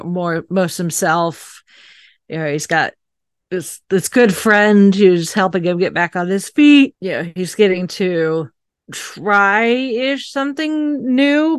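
A woman's voice: mid-range voice, clean tone, dry recording, studio quality. A woman co-hosting a film podcast in casual chat, thoughtful and hedging with fillers. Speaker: podcast co-host.

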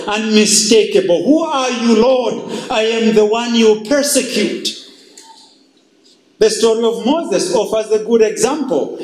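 A male pastor preaching a sermon, slow and emphatic, with dramatic pauses. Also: high-pitched, a little mellow, roomy sound, low-quality recording.

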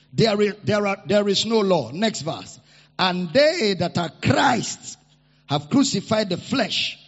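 A man preaching a sermon to a congregation. He repeats his key lines and leads the people in loud declarations. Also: high voice, breathy edge. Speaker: pastor. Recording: reverberant hall, dull lo-fi sound.

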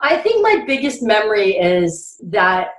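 A middle-aged woman from Florida chats as a podcast guest, laughing easily as she tells her stories in an even, mid-range voice. Her voice comes through a roomy, echoey recording. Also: mid-range voice, a little slow. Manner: chatty, laughs often while reminiscing. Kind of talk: conversational interview.

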